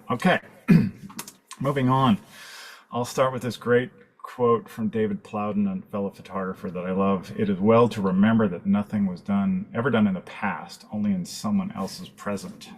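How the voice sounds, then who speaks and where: A man with a very low, husky voice gives a loose, casual talk to an online audience, wandering with fillers and side remarks. The sound comes through a computer mic on a video call. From California. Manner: relaxed, rambling, fillers and asides. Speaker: guest speaker, architectural photographer. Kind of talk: casual presentation.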